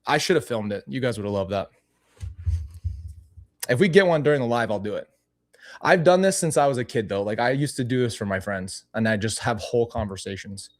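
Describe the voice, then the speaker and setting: A man's voice: mid-range voice, brisk. Rambling man chatting on a livestream. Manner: rambling, animated storytelling. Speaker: channel host. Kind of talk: casual livestream chat.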